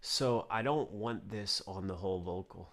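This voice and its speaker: A man's voice: low voice, creaky, fairly bright tone. A man giving a casual home studio tutorial, thinking aloud and restarting sentences as he works. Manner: thinking aloud, halting with restarts while working. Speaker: music production tutor. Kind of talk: casual screen-recorded tutorial.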